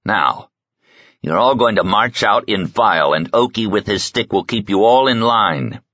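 A man voicing an impatient, menacing kidnapper chief who barks gruff orders in an audiobook. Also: on the low side, animated, unhurried, pushed and bright, no room sound, highs cut off, heavily acted.

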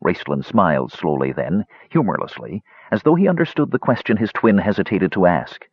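Casting: male audiobook narrator, husky and lowish, very expressive phrasing, fantasy reading. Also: dry recording. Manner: measured storytelling, animated phrasing. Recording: dull dry lo-fi recording.

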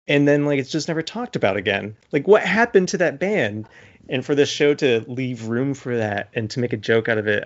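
A man's voice: medium pitch, highs cut off. Chatty man recapping an episode. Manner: animated retelling with acted-out quotes, many fillers. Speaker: podcast co-host. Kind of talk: casual chat recapping a TV episode.

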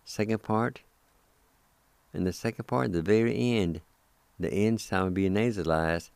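A patient, encouraging radio host gives a language lesson, spelling out vocabulary and sounding each word out slowly, one syllable at a time. His voice is fairly low and gravelly with a darkish yet clean tone, captured in a dry recording.

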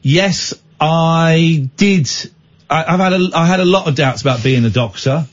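A man's voice: on the high side, a little slow. A man hosting a late-night radio phone-in, teasing callers and laughing often. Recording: slightly dull radio broadcast.

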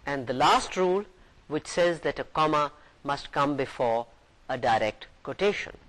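A man's voice: a little high, animated, normal speed, fairly bright tone, low-quality recording. A man giving a recorded university lecture, patiently explaining each point and reading example sentences aloud.

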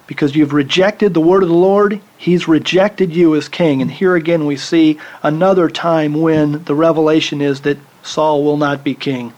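A man's voice: a little high, fairly even intonation, normal speed, hardly any pauses, darkish tone, highs cut off. A man preaching a sermon, teaching from the Bible and acting out the voices of the people he quotes.

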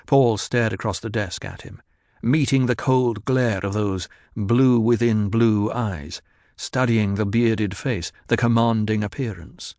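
A man narrating an audiobook in a steady, even reading. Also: lowish voice, a little slow, no echo, clean studio sound. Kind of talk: scripted narration.

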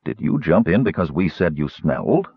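A man voicing a calm, steady grown knight who speaks in a measured, patient way. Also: low-pitched, husky, dry recording, highs cut off, heavily acted.

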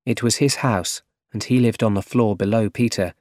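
A man narrating an easy-English story for learners, reading clearly and carefully. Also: fairly low pitch, steady tone, normal speed, darkish tone, dry recording, clean studio sound. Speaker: audiobook narrator.

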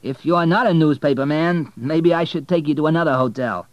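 Man voicing talkative cab driver, high, loud, chatty. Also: brisk, no echo, highs cut off, lightly acted. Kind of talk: audiobook reading.

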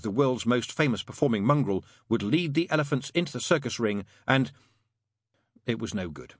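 A middle-aged man reading a story aloud in an expressive, playful storytelling manner. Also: mid-range voice, husky, dry recording, clean studio sound. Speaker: audiobook narrator. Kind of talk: scripted audiobook narration.

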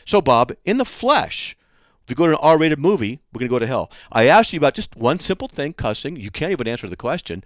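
A man's voice: mid-range voice, sing-song, fast, dry recording, clean studio sound. A man hosting a call-in radio debate, pressing a caller with repeated questions and cutting in again and again. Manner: insistent, interrupts by repeating the caller's name. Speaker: radio show host.

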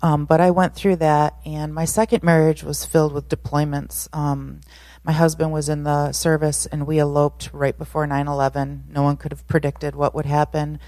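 A middle-aged woman photographer giving a personal testimony as a guest speaker at a church service, nervous and halting, with many fillers. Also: low-pitched, level tone, dark tone, dry recording, studio quality.

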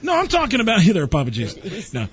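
A man's voice: sits high, huge pitch swings, fast talker. Brash joking radio host man. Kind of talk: loose banter on a radio show. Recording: muffled lo-fi recording.

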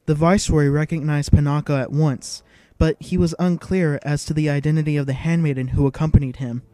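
A man narrating an audiobook in a measured, even storytelling manner. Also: a little high, no echo.

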